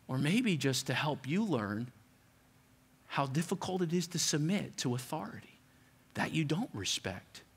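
A middle-aged man delivers a sermon with a bright, forward tone. His voice is pitched somewhat high and leaps around expressively, and he slips into raised voices to act out the people in his stories. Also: breathy edge. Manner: animated, acts out quoted parents with raised voice. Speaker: pastor.

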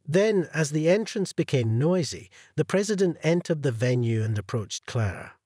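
Lively husky male story narrator. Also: on the high side, moderate pace, no room sound, studio quality.

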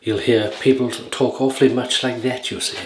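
A man's voice: medium pitch, fairly even intonation, normal speed. A man chatting casually while shaving, telling rambling stories that often lose their thread. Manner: rambling, anecdotal, chuckling, loses his thread. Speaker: shaving vlogger. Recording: roomy with faint noise.

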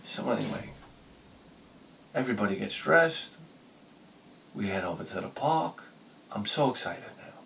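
A man telling a personal story on his video channel, excitable, swinging between loud bursts and quiet asides. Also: lowish voice, unhurried, vocal fry, pauses often, far from the mic, slight background noise. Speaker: video host.

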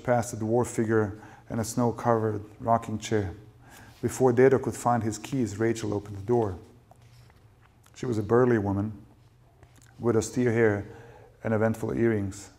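Male novelist, reading his own fiction aloud, low voice, measured and dry, lecture event. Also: darkish tone.

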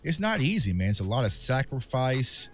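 A man's voice: mid-range voice, sing-song, moderate pace, slight background noise. A man who makes sports videos, speaking candidly and passionately to his viewers in a vlog monologue. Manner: impassioned, candid, calls viewers "y'all". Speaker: sports content creator. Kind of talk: emotional vlog monologue to fans.

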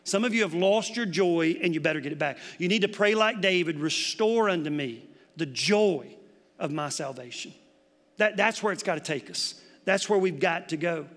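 A man's voice: sits high, fairly quick, few pauses, a bit bright. A middle-aged man preaching an emphatic, conversational sermon full of rhetorical questions. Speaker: pastor. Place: church sanctuary. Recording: long hall reverb from a church broadcast.

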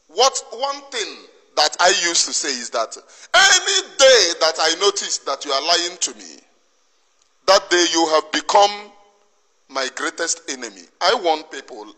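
A man's voice: high voice, very animated, unhurried, bright, forceful tone. A man with a Nigerian Igbo accent in an impassioned monologue, scolding emphatically and repeating himself. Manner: emphatic, repetitive, preachy scolding. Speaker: activist commentator. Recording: long reverb.

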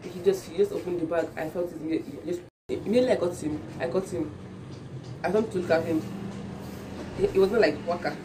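A woman's voice: on the low side, quick pace, distant mic, background noise. Chatty Nigerian woman with morning voice. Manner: chatty, repeats words and restarts a lot. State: morning voice, just woke up. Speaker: vlogger. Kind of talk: casual chat to camera.

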